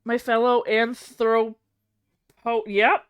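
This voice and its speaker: A young woman chats casually on a live stream. She is excitable and self-deprecating, and her pitch swings widely from low mutters to high squeals. Her voice sits in the middle of the usual range. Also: normal speed, pauses often.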